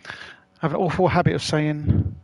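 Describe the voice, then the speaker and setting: Male streamer, slightly high voice, rambling slangy chat, swears now and then. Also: steady tone, moderate pace, vocal fry, darkish tone, no echo. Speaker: gaming streamer. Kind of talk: casual live-stream chat.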